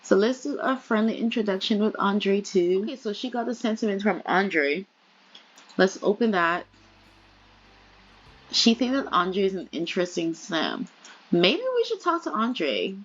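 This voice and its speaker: A woman plays a life-simulation game as a let's player, commenting casually and chatting while voicing her characters' small talk in quotes. Her mid-range voice is very animated, a little slow, and edged with breathiness. The lo-fi audio sounds slightly dull.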